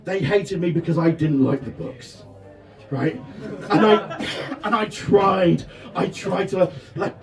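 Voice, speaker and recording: A man in his thirties from Devon performing a self-deprecating stand-up set at a festival tent, often shouting his punchlines. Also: high-pitched, takes it slowly, vocal fry, recorded from a distance, a crowd in the background. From England (Devon). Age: 30s. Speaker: stand-up comedian. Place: festival tent with a live audience.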